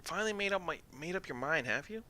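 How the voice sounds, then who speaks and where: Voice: mid-range voice, expressive, fast, bright, forceful tone, a little hiss or hum, pitched above the performer's own voice. A streamer doing a fretful old caretaker. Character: fussy, worried older man, shop caretaker.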